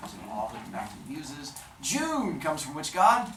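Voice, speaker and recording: A man teaching a class, quizzing his students and telling a story in an animated, joking way. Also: fairly high pitch, a little slow, echoey room, recorded from a distance, background noise.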